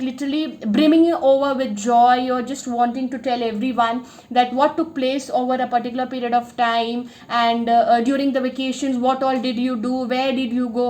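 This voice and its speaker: A woman teaches English literature, walking through a short story line by line. Her voice sits high and she talks fast, piling up fillers and restarting her sentences as she explains. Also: a little mellow.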